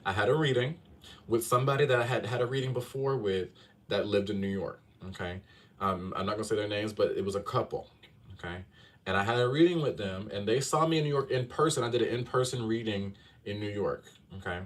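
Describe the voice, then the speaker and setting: A male astrologer telling his viewers a personal story in a casual, animated way, often checking in with them. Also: on the low side, brisk, distant mic. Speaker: astrologer and tarot reader.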